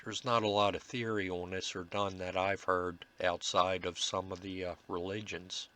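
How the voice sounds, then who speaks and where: A man, a paranormal investigator, narrating commentary over his own recordings in a halting, earnest way with many filler pauses. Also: low-pitched, level tone, pushed and bright.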